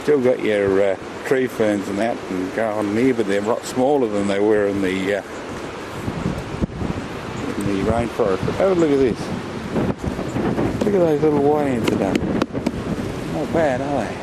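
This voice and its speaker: A man's voice: fairly low pitch, moderate pace, long pauses. An Australian man chatting casually as he films a travel vlog outdoors on a rainy, windy beach, rambling and calling his friend mate. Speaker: travel vlogger. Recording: wind and surf noise outdoors.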